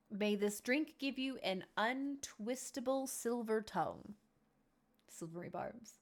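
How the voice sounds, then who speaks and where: A woman streamer commenting on a game she plays live, with loud, profane, laughing outbursts. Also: a little high, measured pace.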